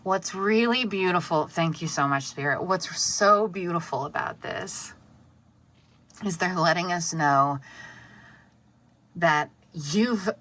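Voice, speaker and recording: Woman, tarot reader, earnest, soft-spoken, halting, lowish voice, bright tone. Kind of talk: intuitive tarot reading to camera.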